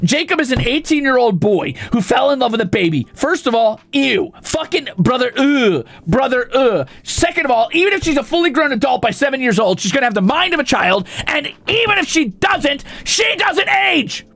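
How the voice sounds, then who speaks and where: A man streaming, ranting indignantly and profanely, often breaking into shouts. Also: very high voice, sing-song, brisk, hardly any pauses. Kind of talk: casual stream rant.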